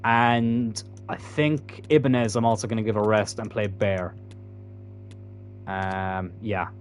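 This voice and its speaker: Over slight background noise, this man's low, steady voice moves at a slow pace. He's a gaming YouTuber giving chatty football-game commentary, cursing freely and breaking into loud laughter.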